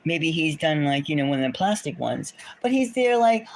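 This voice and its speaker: A woman's voice: low-pitched, expressive, brisk. A woman hosting a tarot channel, ranting about politics in a rambling, indignant way, full of rhetorical questions and self-interrupting asides. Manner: rambling with frequent restarts and asides. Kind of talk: rambling political commentary to camera.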